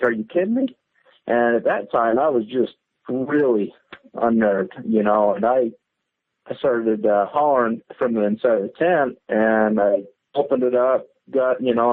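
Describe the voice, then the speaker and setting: A man calling in, telling a story in a rambling, casual way, full of fillers and restarts. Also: mid-range voice. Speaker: caller. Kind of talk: casual storytelling on a call-in show. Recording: tinny phone line.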